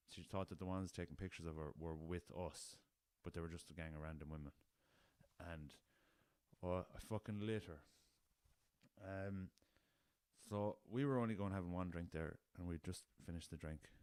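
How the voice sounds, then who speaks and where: A low-pitched Irish man chats alone into a podcast recorder, rambling and swearing as he tells a story. The sound is dry and close, with no room around him. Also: moderate pace, a little mellow, dry recording. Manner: rambling, swears freely, addresses listeners as lads. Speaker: podcast host. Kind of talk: casual solo storytelling. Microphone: podcast recorder with laptop.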